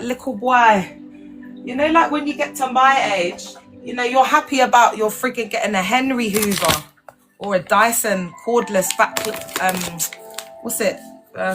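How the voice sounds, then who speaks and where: On a home phone livestream, a woman host with a voice on the high side chats frankly and rambles. She keeps tagging on "do you know what I mean" and showers her viewers with endearments like "baby" and "my love."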